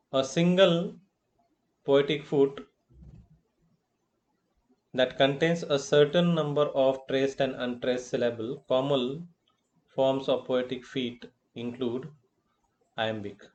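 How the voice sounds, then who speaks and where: Slow, deliberate Indian English lecturer. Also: male voice, mid-range voice, darkish tone. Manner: slow and deliberate, repeating terms with filler phrases. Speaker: college lecturer. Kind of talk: recorded classroom lecture.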